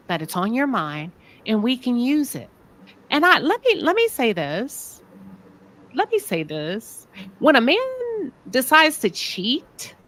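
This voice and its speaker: A woman's voice: a little high, bright, forceful tone. A woman with a Southern American accent hosting a live talk show, asking pointed, sassy rhetorical questions. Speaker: show host.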